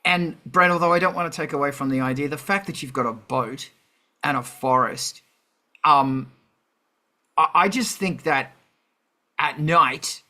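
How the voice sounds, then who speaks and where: A man hosting a casual livestream chat, rambling and animated with many fillers and restarts. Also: a little high, unhurried, long pauses. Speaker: host.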